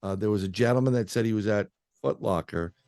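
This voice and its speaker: Male guest, paranormal researcher, low gravelly voice, dry close sound, loose excitable storyteller. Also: fast, dry recording. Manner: rambling, filler-heavy, restarts, excitable. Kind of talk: casual storytelling in an interview.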